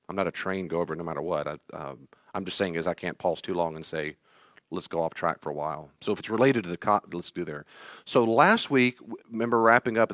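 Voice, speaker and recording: A man's voice: fairly low pitch, fairly bright tone, no room sound, clean studio sound. Rambling man teaching a Bible study. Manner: rambling, self-deprecating, acts out inner dialogues in a raised voice. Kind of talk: classroom teaching talk.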